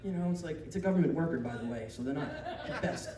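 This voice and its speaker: A man doing live stand-up, telling a story in a rambling, animated way. He often laughs as he talks and breaks off into asides and restarts. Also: on the high side, rapid-fire, recorded from a distance. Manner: self-interrupting with restarts and asides. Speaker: stand-up comedian. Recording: roomy venue taped from afar. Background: audience laughter and room noise.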